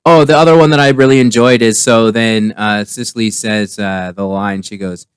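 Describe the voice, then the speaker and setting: A man's voice: lowish voice, fairly even intonation, moderate pace, clean tone, no room sound. A man giving a casual, rambling spoken review, often restarting his sentences. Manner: rambling, with many restarts and fillers. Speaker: TV comedy reviewer.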